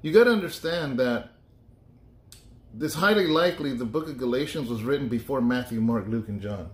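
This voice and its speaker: A man's voice: mid-range voice, moderate pace. A man pastor leading a casual Bible study, chatty and joking, thinking aloud with restarts. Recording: echoey room.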